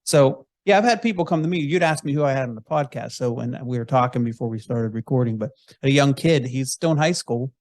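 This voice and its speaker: A man hosting a podcast, chatting casually and rambling a little as he goes. His voice sits at an ordinary pitch, and it sounds dry and close, with no room around it. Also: brisk, few pauses, no room sound. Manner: easygoing, rambling with restarts. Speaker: podcast host. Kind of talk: casual interview chat.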